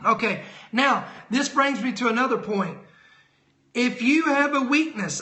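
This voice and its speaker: A man with a high, bright voice delivers a sermon-style talk from a roomy, echoing space. He's animated and conversational, acts out the people in his stories, and stumbles into quick self-corrections as he goes. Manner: animated, storytelling with quoted dialogue and self-corrections. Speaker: host of a Christian teaching stream.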